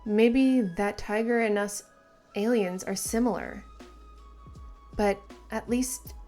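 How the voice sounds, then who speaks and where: A woman reading aloud the calm, measured lines of an earnest young alien man, in a voice close to her own. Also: mid-range voice, faint music behind.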